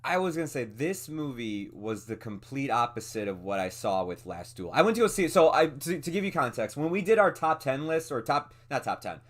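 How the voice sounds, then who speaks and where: A man co-hosting a movie podcast chats casually about a film review, rambling with frequent laughs and fillers. His mid-range voice swings widely in pitch, and he talks a little fast with hardly any pauses.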